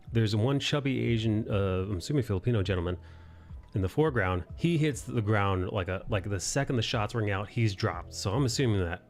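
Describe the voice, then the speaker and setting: A man hosting a live stream, chatting casually in a rambling way and laughing often. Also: fairly low pitch. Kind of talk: casual chat.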